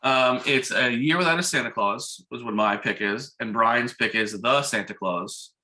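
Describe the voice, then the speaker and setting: A young man with a bright, forceful voice retells a plot in casual podcast chat. He talks animatedly and drops in quick voiced impressions of the characters. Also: mid-range voice, a little hiss or hum. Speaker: podcast co-host.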